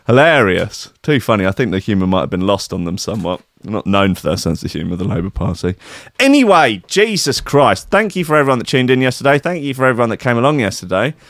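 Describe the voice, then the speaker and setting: Sarcastic radio host. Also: male voice, lowish voice, big pitch swings, quick pace, fairly bright tone, no echo. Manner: sarcastic, chatty, laughs often. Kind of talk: casual chat show.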